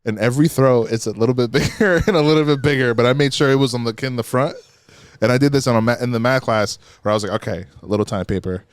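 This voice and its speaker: A young man chatting on a podcast, telling an animated, swear-filled story and acting out the other people's lines. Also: medium pitch, quick pace, clean tone, no echo. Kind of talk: casual podcast chat. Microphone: studio mic.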